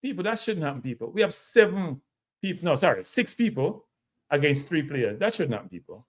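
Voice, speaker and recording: Emphatic Jamaican football show host. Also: male voice, fairly high pitch, big pitch swings, brisk. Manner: repetitive, emphatic, addresses viewers as people. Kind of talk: casual football analysis chat.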